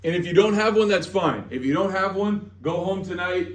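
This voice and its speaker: A man giving an energetic sales training talk to a group, repeating his phrases. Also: high-pitched, moderate pace. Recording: echoey room, distant mic.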